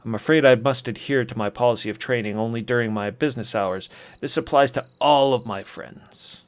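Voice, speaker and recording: A man doing a cocky old-timey swordsman, talks all formal with thee and thou, pitched in the middle. he's a bragging game trainer who never drops the fancy speech. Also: fairly quick, close to an everyday voice. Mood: boastful. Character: proud boastful male sword trainer.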